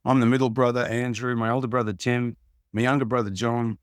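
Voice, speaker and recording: A man's voice: mid-range voice, flat delivery, fairly quick, clean tone, no room sound, studio quality. An older Australian man, a musician guest, talking in a rambling, plain-spoken way in a casual interview.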